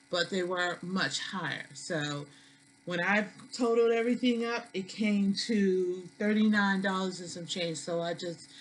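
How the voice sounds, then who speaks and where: Woman, New York accent, vlogger, casual haul chat, folksy, talkative, mid pitch, light background hiss. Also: poor audio. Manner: chatty, folksy, addresses viewers as y'all. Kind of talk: casual product haul vlog.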